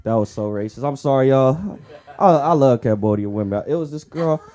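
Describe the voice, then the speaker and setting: A man's voice: medium pitch, brisk, dark tone. A man doing a stand-up set at a comedy club, talking in loose, swaggering street slang. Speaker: stand-up comic.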